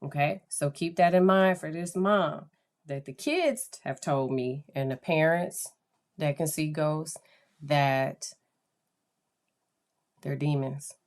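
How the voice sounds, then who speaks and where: A woman's voice: low-pitched, takes it slowly, pauses often. A woman psychologist hosting her podcast in casual, chatty talk, often acting out the voices of people she quotes.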